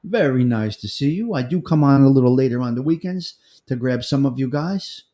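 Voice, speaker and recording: A man's voice: medium pitch, expressive, fairly quick, mellow, roomy sound. A middle-aged American man, hosting a casual live-stream chat, greeting viewers by name and drifting from topic to topic. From United States. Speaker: livestream host.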